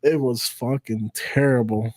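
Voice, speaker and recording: A man's voice: medium pitch, steady tone, measured pace, darkish tone. Profane, rambling man telling a story. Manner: profane and rambling, with frequent swearing and restarts; self-mocking, laughs at his own story. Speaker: live stream host. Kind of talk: casual storytelling to a live chat.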